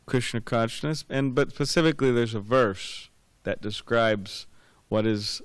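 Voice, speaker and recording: A man's voice: medium pitch, measured pace, clear, resonant tone, no room sound. A man giving a scripture class, rambling and repeating words with many fillers, telling anecdotes. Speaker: class speaker.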